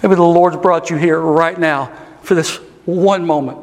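A man preaching a sermon, impassioned and swinging between loud and soft. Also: a little high, steady tone, unhurried. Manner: impassioned, rising and falling delivery. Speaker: pastor. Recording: long hall reverb.

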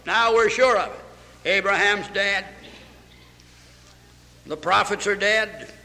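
Man preaching, bright ringing voice, high pitch, long hall reverb. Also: slow. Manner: fervent preaching, repeats phrases, quotes scripture in old English. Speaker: pastor. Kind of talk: sermon.

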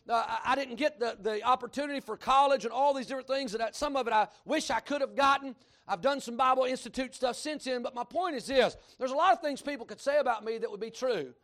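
A middle-aged man with a Kentucky accent preaching a sermon as pastor, folksy and animated, rising into shouts. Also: very high voice. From Kentucky, USA.

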